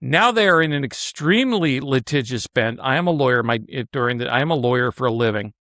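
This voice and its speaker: A man's voice: medium pitch, lively intonation, fast, a bit bright, no room sound, clean studio sound. A man in casual chat, blunt and opinionated, swearing freely as he makes his case.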